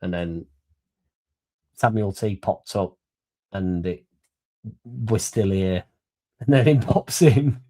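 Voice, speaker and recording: Tipsy, sweary football fan. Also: male voice, lowish voice, lively intonation, slow, long pauses, dark tone. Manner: rambling, sweary and laddish, laughing between lines. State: a bit drunk. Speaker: fan channel host. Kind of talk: casual livestream chat.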